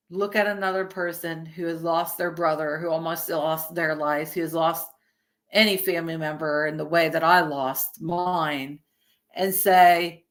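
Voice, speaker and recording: A woman's voice: lowish voice, unhurried, fairly bright tone. A woman in her early thirties chatting casually on a stream, swearing freely and laughing often. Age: early 30s. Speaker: streamer reacting to a video. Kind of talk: casual live-stream chat.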